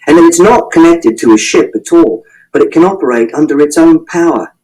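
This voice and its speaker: A man's voice: a little high, dark tone, rough recording. A man reading a first-person audiobook in a precise, literal, matter-of-fact way. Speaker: audiobook narrator.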